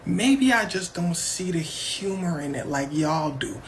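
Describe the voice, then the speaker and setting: A man giving animated storytelling commentary, switching into quoted voices and dropping to whispers. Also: fairly high pitch, measured pace, slight background noise.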